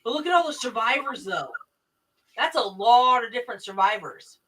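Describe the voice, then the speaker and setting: A woman with a bright, clear voice counts out and comments on what's in the boxes in an easygoing chat. She sits back from the microphone. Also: a little high, animated, moderate pace, recorded from a distance, slight background noise, low-quality recording. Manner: counting and pointing out contents out loud. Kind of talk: casual chat.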